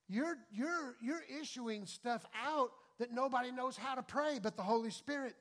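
Pastor, male, high-pitched, folksy sermon delivery with quiet-to-loud swings. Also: lively intonation, unhurried. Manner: swings between soft confiding and loud preaching; folksy and conversational.

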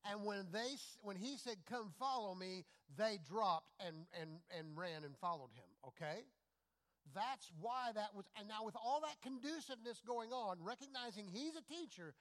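Middle-aged male pastor, slightly raised voice, animated conversational sermon delivery. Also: normal speed. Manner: lively, conversational preaching with rhetorical questions to the congregation; swings from loud emphatic bursts to low, quiet asides.

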